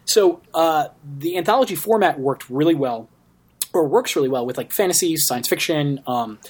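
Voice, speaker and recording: A man's voice: fairly high pitch, lively intonation, moderate pace, breathy edge. A young man co-hosting a casual podcast, explaining things at length with many fillers. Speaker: podcast co-host.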